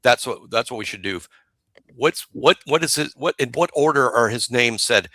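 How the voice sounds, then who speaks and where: A man co-hosts a sports podcast, talking through his takes in a chatty way with stammered restarts. His voice is bright and forceful. The close, dry recording has no room sound. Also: medium pitch, animated, moderate pace, dry recording. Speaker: podcast co-host. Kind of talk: casual sports podcast chat.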